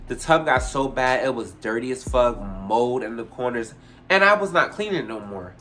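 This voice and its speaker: A young man casually telling a story, profane and animated, jumping high in pitch when he acts out scenes. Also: moderate pace, soft background music. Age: young adult. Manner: animated, profane, retells with big pitch jumps.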